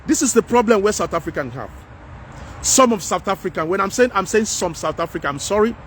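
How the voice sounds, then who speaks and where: High-voiced Nigerian man lecturing emphatically. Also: lively intonation, a little fast, a bit bright, slight background noise. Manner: preachy, repetitive, emphatic. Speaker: commentator. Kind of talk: impassioned monologue.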